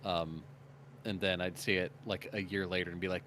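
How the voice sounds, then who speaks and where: A man co-hosting a casual podcast chat in a relaxed, wry way. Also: low-pitched, moderate pace, a little hiss or hum. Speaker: co-host.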